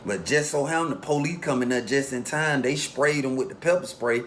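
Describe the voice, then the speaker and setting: Guy telling a prison story real laid back, middle pitch, bit of hiss behind. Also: brisk, fairly bright tone. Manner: laid-back street storytelling, acts out quotes. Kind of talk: casual storytelling.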